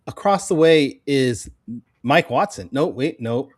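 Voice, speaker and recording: A man's voice: mid-range voice, lively intonation, takes it slowly, dry recording. A man hosts a casual comics podcast, teasing his co-host and opening with a mock ringmaster introduction. His voice sits in a middle register. The mic is close and dry, with no room sound. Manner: playful, joking, announcer flourish.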